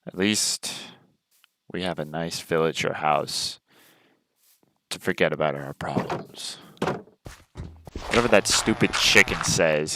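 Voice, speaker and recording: A man hosting a game let's play, talking casually and breaking into loud comic rants. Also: sits low, a little hiss or hum. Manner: animated, swings from mumbling asides to loud shouting.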